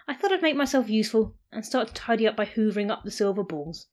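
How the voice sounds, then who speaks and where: A woman narrating a first-person story in a playful, animated way. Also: a little high, fast, hardly any pauses.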